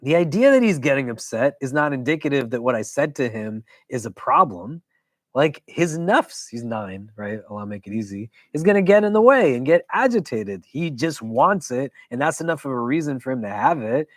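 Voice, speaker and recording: A man, an imam, teaching a weekly religious class in a casual, conversational way. He keeps checking in with his listeners and tells stories with quick asides. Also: medium pitch, dry recording. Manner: conversational, keeps asking "do you know?"; animated storytelling with quick asides.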